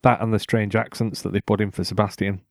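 A man's voice: on the low side, flat delivery, quick pace, darkish tone, no room sound, studio quality. A man hosting a casual gaming podcast, chatty and opinionated, laughing often. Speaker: podcast host.

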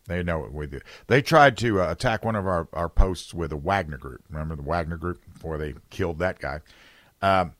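A man hosting a political talk radio show, talking emphatically with loud bursts, low asides and many restarts. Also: a little fast, no echo, clean studio sound.

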